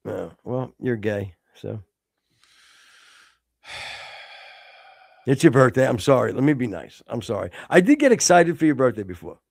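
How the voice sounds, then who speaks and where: A man's voice: mid-range voice, big pitch swings, measured pace, gravelly, long pauses, darkish tone, no room sound, clean studio sound. A man in his fifties co-hosting a podcast, teasing his partner with crude, profane, mock-insulting banter. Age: 50s. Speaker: podcast co-host. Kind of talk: casual chat.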